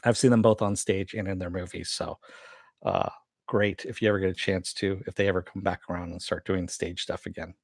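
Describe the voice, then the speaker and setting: Guy with a lowish voice rambling thru a show recap, lots of uhs, dry close sound. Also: fairly even intonation, vocal fry, no room sound. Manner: rambling, halting with many fillers and restarts; acts out quoted lines with raised pitch. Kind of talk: casual episode recap with chat replies.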